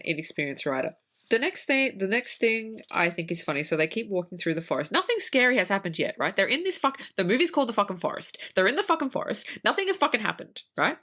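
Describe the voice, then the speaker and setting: A woman's voice: mid-range voice, a bit bright. A woman, a horror writer, co-hosting a podcast and ranting about a film, swearing heavily in casual chat. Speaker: podcast co-host. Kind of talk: casual movie review chat.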